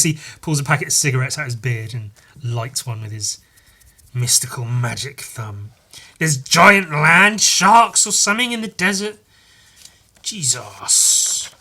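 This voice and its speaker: Male podcast host, casual and rambling; bright tone with a husky edge. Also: mid-range voice. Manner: rambling, laughing, swearing, muttering asides. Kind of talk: casual chat, reading a comic aloud.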